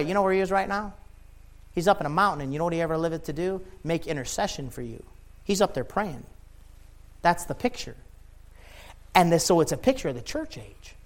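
A man preaching a sermon with passion, rising to loud shouts and dropping to quiet, low lines. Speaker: pastor.

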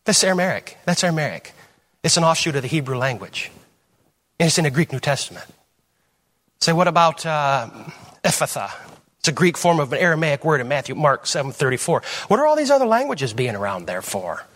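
Preacher guy teaching in church, kinda high voice, keeps asking questions, loud then quiet. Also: sing-song, a little fast. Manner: conversational, rhetorical questions, jumps between loud emphasis and low asides. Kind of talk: sermon teaching.

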